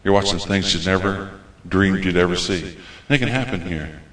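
In a church hall with a roomy sound, an American man preaching as a guest gives a fervent, folksy sermon, driving points home by repeating phrases. His voice is low and a bit bright, at a moderate pace.

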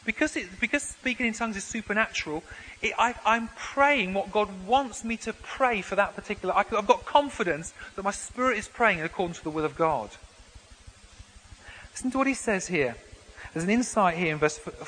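Male pastor, high bright voice, chatty sermon delivery full of restarts, long church reverb with faint hiss. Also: lively intonation, fairly quick. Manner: conversational preaching with frequent restarts and repeated words. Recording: long hall reverb, faint background noise.

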